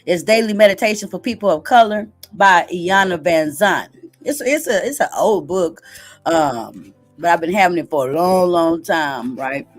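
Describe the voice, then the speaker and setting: A woman's voice: on the low side, lively intonation, moderate pace, soft background music. A woman hosting a live stream, reading daily affirmations aloud and chatting casually, often asking "right?". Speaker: livestream host.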